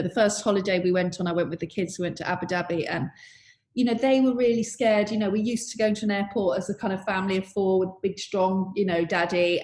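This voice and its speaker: A woman's voice: medium pitch, a little mellow. Middle-aged woman, podcast guest, reflective and chatty, recorded in a roomy space. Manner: thoughtful, chatty, leans on "you know". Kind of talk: reflective conversation. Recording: roomy echo.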